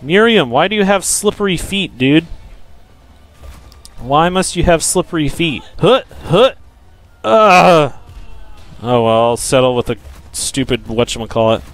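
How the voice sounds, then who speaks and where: A young man giving profane, frustrated gameplay commentary, yelling at enemies and joking with viewers. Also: medium pitch, normal speed. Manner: jokey self-promotion to viewers. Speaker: let's play gamer.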